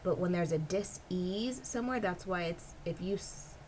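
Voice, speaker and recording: Woman vlogging, kinda low voice, rambly, says like a lot. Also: normal speed, darkish tone, a little hiss or hum, poor audio. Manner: rambling, heavy use of "like". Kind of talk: casual personal chat to camera.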